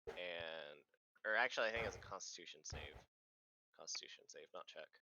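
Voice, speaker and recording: A man's voice: sits low, brisk, noisy background. A man running a tabletop game as game master, easygoing and laughing often as he explains the rules.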